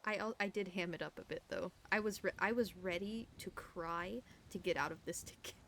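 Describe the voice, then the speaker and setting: A woman telling a story in character on a roleplay game stream, animated and acting out what others said. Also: fairly low pitch, moderate pace, a little hiss or hum.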